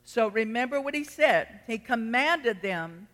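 A woman's voice: on the high side, lively intonation, unhurried, few pauses, fairly bright tone, big-room sound. An older woman preaching a sermon in a folksy, emphatic way that rises to fervent exclamations.

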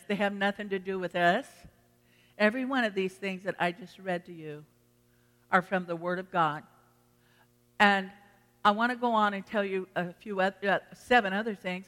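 Woman preacher, sermon delivery, sharp bright tone, emphatic repetition, long church reverb. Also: medium pitch. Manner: emphatic, repeats phrases for force.

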